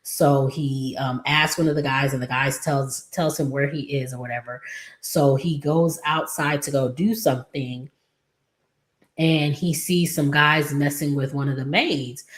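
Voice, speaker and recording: A woman's voice: rumbling low, steady tone, unhurried. A woman casually recapping a TV episode, rambling with many fillers. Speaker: recap vlogger. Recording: echoey room.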